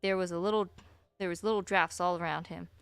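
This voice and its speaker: A woman streamer reading a story aloud at a slow, deliberate pace, with chatty asides. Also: fairly low pitch, fairly even intonation, gravelly, smooth, no room sound, faint music behind.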